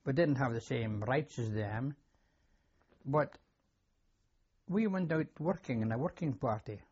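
Old scottish guy telling his story, raspy, keeps restarting his sentences, muffled old recording. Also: medium pitch, a little mellow. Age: older. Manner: plain-spoken, repeats himself, halting restarts. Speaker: war veteran interviewee. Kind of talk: oral history interview.

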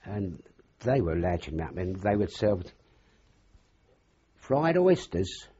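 Husky older man rambling through old yarns. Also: deep voice, normal speed, warm tone. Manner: rambling anecdotal storyteller, acts out dialogue. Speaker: interviewee. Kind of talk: oral history reminiscence. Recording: dull lo-fi recording.

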